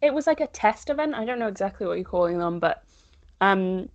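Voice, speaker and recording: A young woman in her twenties co-hosting a podcast, chatting in an animated way and laughing often, recorded over a video call. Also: medium pitch, fairly quick, no echo, dull audio. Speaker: podcast co-host. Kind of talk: casual chat. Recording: dry close sound over a call.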